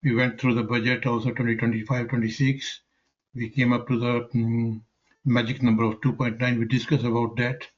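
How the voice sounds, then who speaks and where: A man's voice: medium pitch, flat delivery, normal speed. A man giving a brief construction update at a meeting, hesitant and full of fillers. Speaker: construction staff reporting. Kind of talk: informal meeting report. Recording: dull lo-fi meeting audio.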